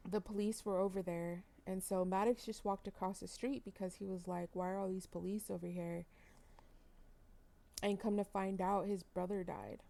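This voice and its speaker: A woman casually narrating a dramatic life-sim game story to her viewers, chatty and expressive. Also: medium pitch, creaky. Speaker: gaming channel host.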